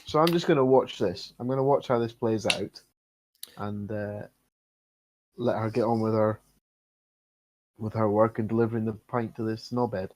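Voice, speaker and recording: A man playing a tabletop game over an online call, deliberately talking his plans through out loud. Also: lowish voice, fairly even intonation, rough recording. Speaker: player. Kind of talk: casual tabletop play.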